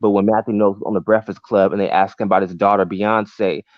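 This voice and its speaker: Low-voiced man, dull dry recording. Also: little pitch movement, fast talker, no echo. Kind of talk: casual chat.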